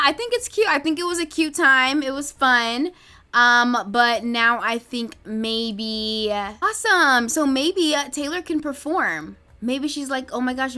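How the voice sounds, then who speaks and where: Fairly high-pitched, bright and forceful, this young American Sims let's play creator chats casually as she narrates her life-simulation game story. Now and then she voices quoted lines for her characters.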